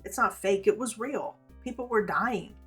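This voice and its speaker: A woman's voice: medium pitch, moderate pace, faint music behind. A woman in her thirties streaming a game, talking in a rambling, profane, candid way as she plays. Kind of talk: casual gameplay commentary.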